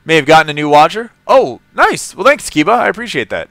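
A man from California talks through his game on a live stream in a bright, clean voice. He chats loosely, laughs often and greets viewers by name. The sound is dry and close, with no room echo. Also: a little high, animated, racing. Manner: chatty, laughs often, greets and answers chat. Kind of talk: casual live-stream commentary.

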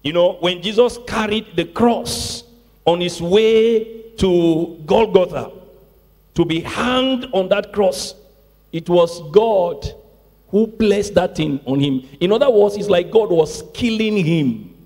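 High-voiced preaching man, slow, in a reverberant church. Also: a little mellow. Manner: emphatic preaching with repeated phrases and call-outs. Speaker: pastor. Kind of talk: sermon. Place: church sanctuary.

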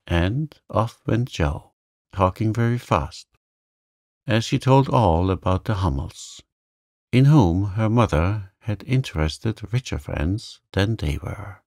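A man reading a bedtime story aloud in a gentle, soothing, calm way. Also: sits low, measured pace, vocal fry, dry recording, studio quality. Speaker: narrator.

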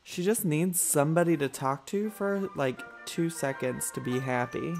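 A man's voice: on the high side, normal speed, vocal fry, a little mellow, soft background music. A man giving chatty let's play commentary, calling his viewers y'all and talking back to his character with sass. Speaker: gaming YouTuber.

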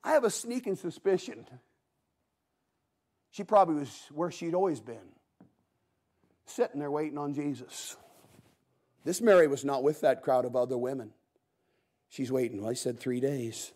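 Folksy animated man preaching. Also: a little high, moderate pace, pauses often. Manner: folksy, animated storytelling with acted-out quotes. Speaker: guest preacher. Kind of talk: Sunday evening sermon.

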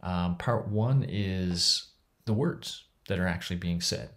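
A man's voice: low voice, slow. A middle-aged man giving a casual recorded lecture from home, talking in a conversational, rambling way. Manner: conversational, rambling with restarts and soft laughs.

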